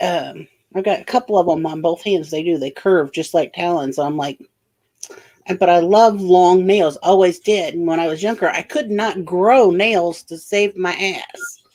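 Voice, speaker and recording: A woman chatting casually on a livestream, relaxed and rambling with some teasing. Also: fairly low pitch, unhurried. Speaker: guest on a livestream. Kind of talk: casual chat.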